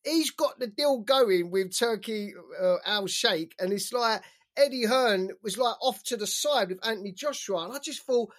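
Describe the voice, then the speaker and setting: Excitable British man chatting about boxing. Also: high voice, normal speed. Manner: excitable, swears freely, many fillers like "like". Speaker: boxing podcast co-host. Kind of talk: casual chat.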